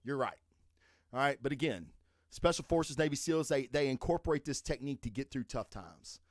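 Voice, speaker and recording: A man's voice: medium pitch, lively intonation, normal speed, dry recording, clean studio sound. A man hosting a podcast who delivers a profane, emphatic motivational rant and keeps checking in with "okay?" after his points. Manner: asks "okay?" and "all right?" after points. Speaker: podcast host.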